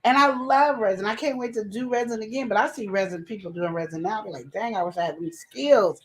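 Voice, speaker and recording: A woman co-hosting a live relationship advice show, chatting casually and fast, full of energy. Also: medium pitch. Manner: chatty, animated, talks fast and laughs.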